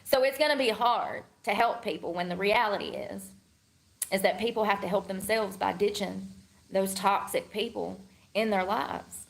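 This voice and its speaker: A woman's voice: mid-range voice, moderate pace, gravelly, rough recording. A woman streaming live, chatting in a candid, rambling, slangy way and laughing often. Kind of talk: casual live-stream chat.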